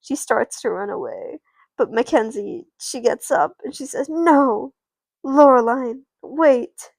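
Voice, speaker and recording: A woman's voice: on the high side, animated, normal speed, vocal fry, darkish tone, husky, dry recording. A woman casually narrating her doll play, rambling and often stopping herself mid-sentence. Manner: rambling, self-interrupting.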